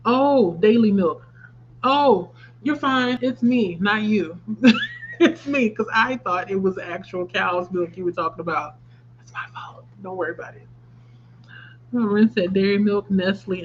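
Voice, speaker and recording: Thirtysomething woman on a crochet livestream, chatty and lively, reads chat out loud, kinda dull stream audio with a low hum. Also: a little slow. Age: 30s. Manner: chatty and animated, laughing and reacting aloud. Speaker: livestream host. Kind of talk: casual livestream chat reading viewer comments.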